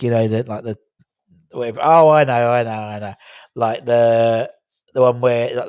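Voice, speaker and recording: A man's voice: mid-range voice, a little mellow, no room sound, studio quality. A young man, hosting a casual livestream, reading the chat aloud and laughing at tongue twisters. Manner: chatty, laughing at tongue twisters, rambling with fillers.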